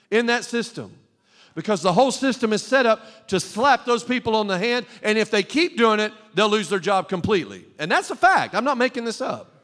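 A male pastor preaching a fervent sermon in a church, at times rising to shouts. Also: high voice. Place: church sanctuary. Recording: long hall reverb.

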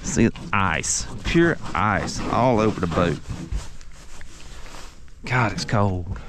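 Excitable fishing captain, slow drawl. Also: male voice, lowish voice, background noise. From Gulf Coast of the United States. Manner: excitable, drawling, repeats phrases. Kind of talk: fishing vlog commentary. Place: outdoors on a boat on the water.

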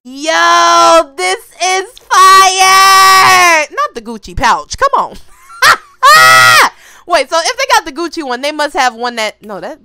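A woman's voice: sits high, measured pace, shouting. A young woman giving casual, slangy commentary to viewers while playing a life-sim game. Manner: animated, slangy, talks to viewers while choosing outfits. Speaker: gaming YouTuber.

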